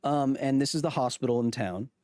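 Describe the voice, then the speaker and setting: In clean studio sound with no echo, a man in his thirties hosts a science podcast livestream, his mid-range voice a little fast and a little mellow. He reads chat comments casually, teasing viewers and filling his talk with restarts and fillers.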